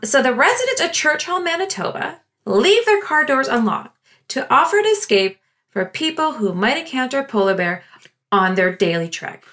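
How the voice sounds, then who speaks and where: Giggly woman, slightly high voice. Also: very animated, moderate pace, a bit bright. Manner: giggly and chatty, breaks into laughter. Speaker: podcast co-host. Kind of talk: casual chat.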